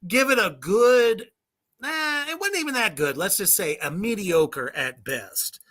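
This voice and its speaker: A sarcastic woman co-host reads and tears apart a music list in casual, profane chat. Her voice is bright and swoops up and down. She takes her time and laughs easily. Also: mid-range voice, animated, unhurried. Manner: sarcastic, swears freely, laughs often.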